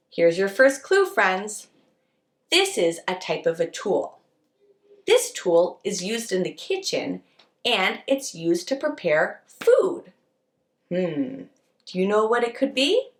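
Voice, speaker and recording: A woman leading a preschool circle time lesson, talking to young children in a slow, sing-song, encouraging way. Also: mid-range voice, echoey room. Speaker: preschool teacher.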